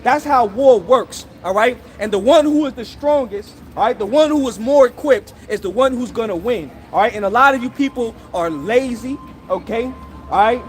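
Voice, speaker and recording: Street preaching outdoors, a man scolds and confronts his listeners directly, accusing them and ending nearly every phrase with "all right?" or "okay?". His very high-pitched voice is animated, at a moderate pace.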